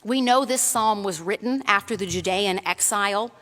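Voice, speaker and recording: A woman's voice: medium pitch, moderate pace, fairly bright tone, in a large hall. A woman preacher giving a conversational sermon in a church. She tells a story and often checks in with the congregation.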